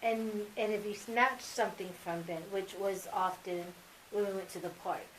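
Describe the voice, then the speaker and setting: A mother speaking as an interview guest, telling family stories in a casual, animated way and acting out remembered dialogue. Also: mid-range voice, moderate pace, slight background noise, rough recording. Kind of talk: casual sit-down interview storytelling.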